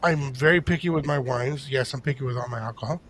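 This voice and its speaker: A man's voice: mid-range voice, fast talker, slight background noise. An older man telling a story in casual chat on a podcast, acting out the voices of the people in it. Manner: animated storyteller acting out quotes. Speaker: podcast co-host.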